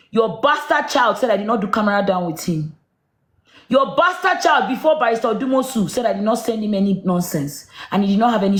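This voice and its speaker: A woman's voice: on the high side, reverberant. Furious woman ranting on livestream. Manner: confrontational, shouting rhetorical questions. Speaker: social media livestreamer. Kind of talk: angry live-stream rant.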